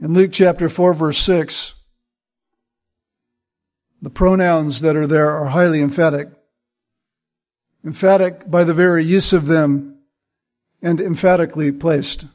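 High-voiced male preacher. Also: steady tone, measured pace, pauses often, darkish tone. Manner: earnest preaching with emphatic repetition. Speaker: pastor. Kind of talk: sermon.

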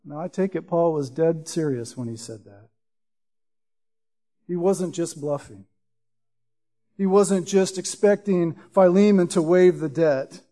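Speaking in a notably high voice, this male preacher teaches a Bible passage verse by verse and leans on quoted scripture to drive points home. He explains word meanings with patience, talking a bit slowly, pausing frequently, and sounding warm.

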